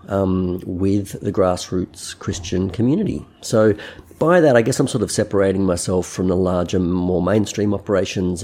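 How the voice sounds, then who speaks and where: A man's voice: low voice, mellow. A man hosting a casual podcast, sounding nasal and congested while recovering from a chest infection, rambling with many ums. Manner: rambling, lots of ums and restarts. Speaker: podcast host. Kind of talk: casual solo podcast talk.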